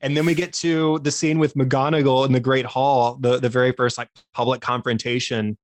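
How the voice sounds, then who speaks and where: A man's voice: medium pitch, little pitch movement, moderate pace, dry recording. A man talking casually on a podcast, analyzing a film with enthusiasm and frequent laughter. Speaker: podcast co-host or guest, teacher by day.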